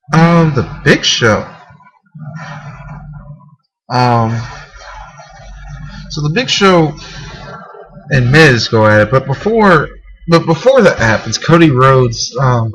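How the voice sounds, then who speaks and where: Rambling man with a lively, swooping voice. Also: mid-range voice, low-quality recording. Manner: rambling and hesitant, with frequent fillers and swearing. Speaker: wrestling show reviewer. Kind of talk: casual video review.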